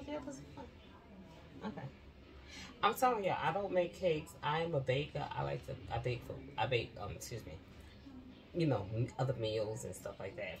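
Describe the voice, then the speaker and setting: A woman with a low voice talks straight to her viewers in a casual, chatty way while baking in her home kitchen. Her pitch swings widely as she exclaims, yet her pace stays slow and unhurried. She keeps addressing her audience directly. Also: background noise. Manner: excitable, exclaiming. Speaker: vlogger.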